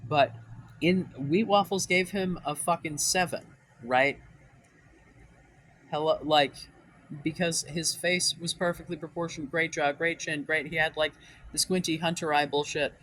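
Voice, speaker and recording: A man's voice: on the high side, fairly even intonation, unhurried, fairly bright tone, dry recording, low-quality recording. A young man ranting in a casual vlog, rambling and exasperated, swearing often and restarting his sentences. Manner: rambling, profane, exasperated, many fillers and restarts. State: voice cracking after crying. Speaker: dating advice vlogger.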